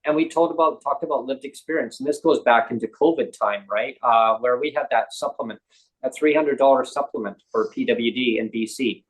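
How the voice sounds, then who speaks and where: A man with a Canadian accent, a guest on a talk show, telling a personal story in a casual, animated way and acting out the voices of others. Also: mid-range voice, fairly quick, low-quality recording.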